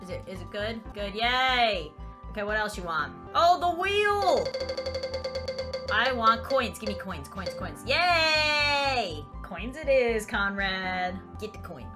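A woman's voice: mid-range voice, very animated, slow pace, over music. A young woman doing let's play commentary, chatting animatedly and cooing in baby talk at a virtual kitten. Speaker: gaming YouTuber.

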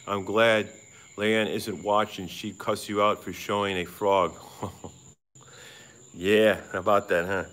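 A sweaty middle-aged man livestreams from his phone by a pond at night. He rambles, gets excited and swears freely. Frogs and insects chirp behind him. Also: lowish voice, takes it slowly, pauses often. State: sweating in the heat. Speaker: live-streamer. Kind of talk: casual live-stream chat outdoors at night.

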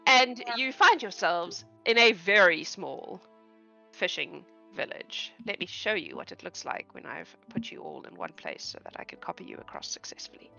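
A woman's voice: medium pitch, very animated, moderate pace, gravelly, bright, forceful tone, muffled recording, soft background music. A woman running a tabletop game as game master, describing scenes in a rambling, chatty way and searching for words.

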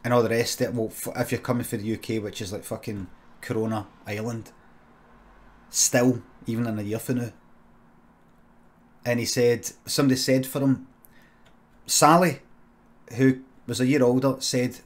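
A man with a Scottish accent improvising a comic story on a stream, deadpan and sweary, breaking into sudden shouts. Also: medium pitch, moderate pace, long pauses.

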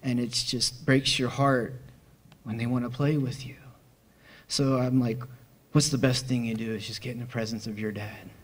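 A man telling a personal testimony in a chapel, excited and laughing often as he acts out the people in his story. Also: mid-range voice, normal speed. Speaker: church member giving testimony.

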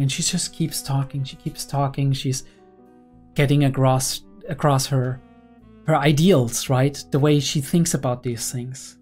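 A woman's voice: a bass voice, fairly even intonation, unhurried, darkish tone, soft background music. A young woman and psychology student giving analytical anime reaction commentary, often checking in with "right?". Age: young adult.

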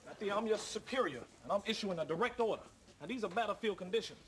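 An actor playing a bossy but needy store manager who jokes and wheedles, on hissy old TV audio. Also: male voice, high voice, expressive, fast, a bit bright. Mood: wheedling. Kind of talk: sitcom acting.

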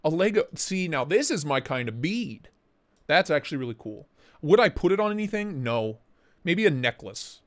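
A man hosting a casual livestream, talking in an excitable, slangy way and swearing freely. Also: on the high side, normal speed. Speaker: livestream host.

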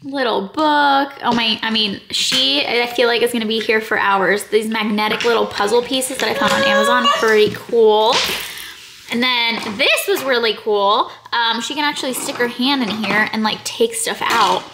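A woman's voice: on the high side, moderate pace, vocal fry. A young woman chatting casually and proudly at home about a craft project she made for her child. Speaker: vlog co-host. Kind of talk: casual vlog chat. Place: at home indoors. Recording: roomy home audio with faint noise.

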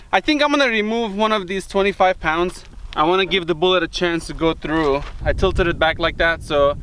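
A man with a high voice talks in a loose, chatty way to his viewers, out in the open desert. He often drops in fillers as he goes, and a faint noise runs under his voice. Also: fairly bright tone. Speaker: firearms channel host. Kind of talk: casual vlog talk to camera. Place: outdoors in a desert.

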